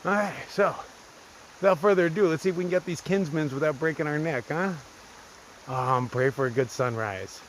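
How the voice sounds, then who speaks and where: A man's voice: on the high side, moderate pace, a little hiss or hum. Blunt, profane man hiking a mountain. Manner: blunt, profane, self-mocking storyteller. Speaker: solo thru-hiker vlogger. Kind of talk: casual vlog talk to camera. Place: outdoors on a wooded mountain trail.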